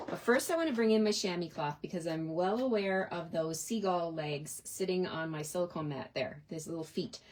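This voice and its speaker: A woman's voice: fairly low pitch, a little hiss or hum. A middle-aged woman in a casual, chatty craft tutorial, talking through her stamping steps at a desk and often asking "right?". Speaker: card-making demonstrator.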